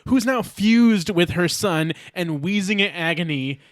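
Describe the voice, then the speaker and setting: Animated higher-voiced man on a podcast. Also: dry recording, studio quality. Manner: animated, laughs often, rapid bursts when excited. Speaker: podcast co-host. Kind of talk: casual movie discussion.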